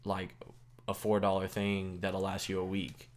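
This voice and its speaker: A young man with a very deep voice trades lazy, dry jabs with his co-host. He stays relaxed and unhurried throughout the casual banter. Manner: teasing, dry, laid-back. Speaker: podcast co-host. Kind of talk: casual chat.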